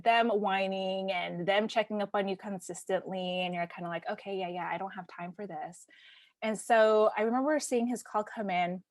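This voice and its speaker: A woman from Canada, hosting a podcast and telling a personal story in a casual, halting way, with many fillers and restarts and sometimes a hushed near-whisper. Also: mid-range voice, dry recording, clean studio sound. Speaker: podcast host.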